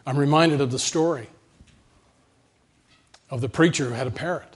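A man's voice: medium pitch, moderate pace, husky. A man preaching a sermon with an emphatic, repetitive cadence. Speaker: pastor.

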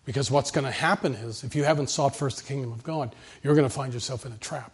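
A man delivers a sermon, building points through emphatic repetition. His voice is husky and sits at a middle pitch. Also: fast talker. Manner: emphatic, repetitive preaching cadence. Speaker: pastor.

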